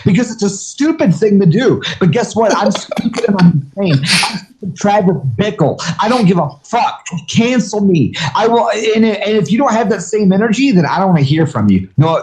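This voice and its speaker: A man's voice: high-pitched, darkish tone. A man hosting a live audio chat, ranting heatedly with constant swearing. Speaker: host of an audio chat room.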